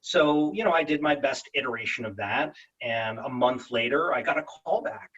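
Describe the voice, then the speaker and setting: A man's voice: medium pitch, animated, moderate pace, a bit bright, slightly rough, far from the mic, dull audio. A man, a voice actor guest, telling stories animatedly in a casual interview over a video call and slipping into character voices.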